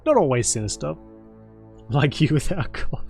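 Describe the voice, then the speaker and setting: A man's voice: on the high side, big pitch swings, moderate pace, creaky, darkish tone, breathy edge, faint music behind. A man streaming a video game, chatting and joking casually with his viewers and thanking them. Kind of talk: casual gameplay commentary.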